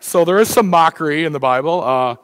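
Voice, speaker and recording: A pastor preaching a conversational sermon, often restarting phrases and filling pauses with "uh" and "you know.". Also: male voice, on the high side, clear, resonant tone. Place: church sanctuary. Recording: reverberant church hall.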